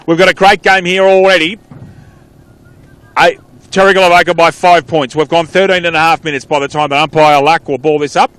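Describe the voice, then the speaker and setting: A man with an Australian accent calling a local football match live, chatty, with quick calls that trail off into asides. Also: fairly high pitch, steady tone, fairly bright tone, smooth, no echo. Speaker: play-by-play commentator.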